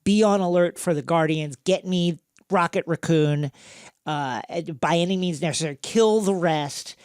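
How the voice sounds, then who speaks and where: A man's voice: on the high side, normal speed, darkish tone, clean tone, no echo, clean studio sound, natural voice. A man doing a villain barking orders. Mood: commanding. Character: commanding villainous male scientist giving orders.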